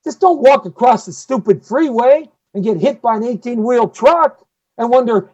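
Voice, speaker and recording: A man hosting a live show, delivering an impassioned opinion monologue that swings between loud outbursts and low muttering. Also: animated, normal speed, dull audio. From United States.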